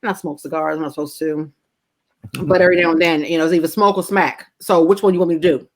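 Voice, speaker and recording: Fast-talking, outspoken middle-aged woman. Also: deep voice, fairly even intonation. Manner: candid, profane, emotional storytelling. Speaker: podcast guest co-host. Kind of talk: casual chat.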